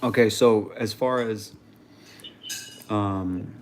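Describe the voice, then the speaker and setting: Young male streamer, lower voice, casual and swearing, home setup with faint ambience. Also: extremely slow, slight background noise. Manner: animated storyteller, slangy and swearing. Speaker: livestream host. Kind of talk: casual chat.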